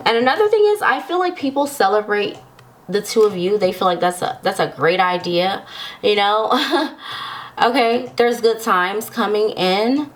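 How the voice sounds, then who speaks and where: A woman's voice: medium pitch, lively intonation, unhurried. A woman giving a casual tarot reading to viewers, chatty and giggly, often checking in with the listener. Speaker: tarot reader.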